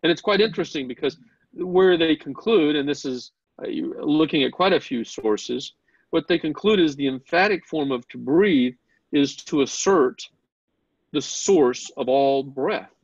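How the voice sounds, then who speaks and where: Gravelly man teaching a Bible class. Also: a little high, unhurried, no echo. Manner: earnest and excited, poses questions to the class. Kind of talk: classroom lecture. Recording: dull lo-fi class recording.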